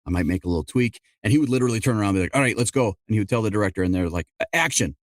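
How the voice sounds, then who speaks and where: A middle-aged man with a fairly low voice explains his work as a dialect coach and narrator. He talks in a conversational, explanatory way and slips in quick quoted asides. The sound is close and dry, with no room around it. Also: a little mellow, no echo. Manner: explanatory, quick asides quoting other people. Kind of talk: conversational interview answers.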